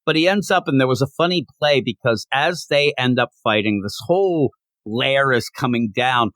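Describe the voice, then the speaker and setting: A man in casual chat, retelling a comic book's plot and now and then acting out the characters' lines with big jumps in pitch. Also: normal speed, dry recording. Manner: animated, acts out quotes with big pitch jumps. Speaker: comic book reviewer, co-host.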